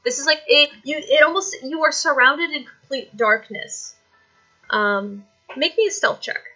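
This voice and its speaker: A woman's voice: sits high, measured pace, bright, forceful tone, lo-fi sound, faint music behind. A woman narrating a tabletop game as dungeon master, rambling through descriptions with many fillers.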